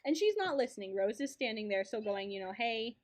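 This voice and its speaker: A woman's voice: medium pitch, big pitch swings, fast, a little mellow. A young woman streaming a game and chatting casually, telling a story with frequent laughs and lots of repetition. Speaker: streamer and co-host. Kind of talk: casual storytelling while gaming.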